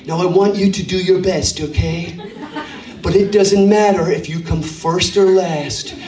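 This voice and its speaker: Brief: man voicing soft, encouraging American dad, drawn-out, distant roomy sound. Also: high voice, steady tone, voice pushed down. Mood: reassuring. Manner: soothing, reassuring, drawn out. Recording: echoey church hall from a distance.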